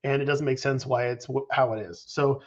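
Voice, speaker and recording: A man's voice: medium pitch, fairly even intonation, brisk, lo-fi sound. A man being interviewed as a game designer in a casual live chat, rambling with restarts and casual swearing over a video call.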